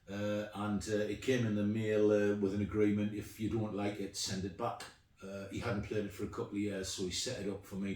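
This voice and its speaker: A man's voice: on the low side, a little mellow. A middle-aged man, chatting casually and rambling with plenty of ums as he shows off his guitars. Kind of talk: casual show-and-tell. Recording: echoey room, mic at a distance.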